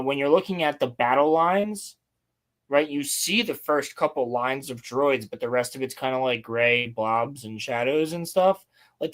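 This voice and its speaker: A man's voice: medium pitch, a bit bright. A man co-hosting a casual podcast chat, explaining at length in a laid-back way and swearing freely. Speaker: podcast co-host.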